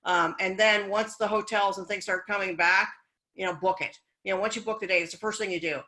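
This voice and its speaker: A woman's voice: medium pitch, fairly even intonation, brisk, bright, forceful tone, rough recording. A middle-aged woman business coach speaking candidly and encouragingly in a casual chat, sharing personal stories. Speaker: business coach and event host.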